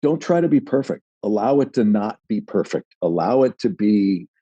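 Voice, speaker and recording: A male guest telling stories in casual chat, animated and acting out other people's voices. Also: on the low side, moderate pace, husky, no echo, dull audio.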